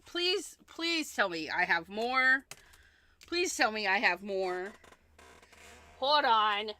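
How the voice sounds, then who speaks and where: A woman's voice: mid-range voice, lively intonation, takes it slowly, bright, forceful tone, a little hiss or hum. A woman hosting a card-making livestream in a casual demonstration, chatty and thinking aloud, often repeating herself.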